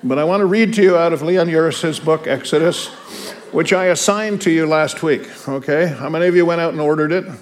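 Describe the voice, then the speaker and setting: A male teacher giving an informal lecture, often pausing to check in with his class before reading aloud from a novel. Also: fairly high pitch.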